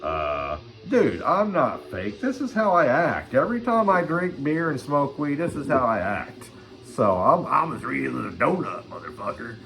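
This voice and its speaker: A man's voice: on the high side, sing-song, moderate pace, vocal fry, fairly bright tone. An older man hosting his own channel, ranting crudely and swearing constantly in a rambling vlog. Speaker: channel host. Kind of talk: rambling profane vlog rant.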